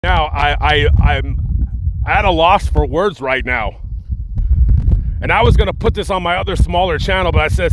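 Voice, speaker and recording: Man, YouTube commentary host, angry, emphatic, stumbling restarts, higher pitch. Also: background noise. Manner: blunt and emphatic, with halting restarts. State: angry and upset. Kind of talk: heated direct-to-camera commentary.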